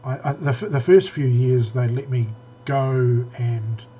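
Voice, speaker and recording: A man's voice: medium pitch, a little slow, dark tone, slight background noise. A man co-hosting a casual tech podcast, rambling with many restarts and fillers. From New Zealand. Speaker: podcast co-host.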